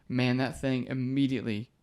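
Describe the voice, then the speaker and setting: A man's voice: medium pitch, measured pace. A young man in his twenties talks through a story on a podcast, with a voice that sits in an ordinary mid range. He laughs through his own lines and swears loosely. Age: 20s. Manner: animated storyteller, laughs often, swears casually. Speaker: MMA fighter guest.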